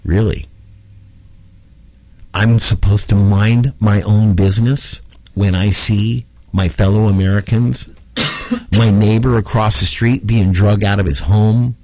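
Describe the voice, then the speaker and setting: A man hosting a talk show, telling a long story in a rambling, animated way with lots of repeats. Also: fairly low pitch, no echo, low-quality recording. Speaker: show host.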